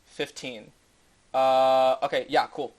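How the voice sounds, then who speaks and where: A man's voice: medium pitch, fairly even intonation, takes it slowly. A man narrating a tabletop game as game master, improvising loosely with many fillers.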